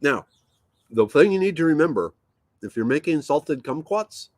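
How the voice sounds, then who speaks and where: A man with a fairly high voice and big pitch swings talks at normal speed, with no room sound. Hosting a laid-back livestream from home, he reads out viewer comments and rambles, thinking aloud with fillers.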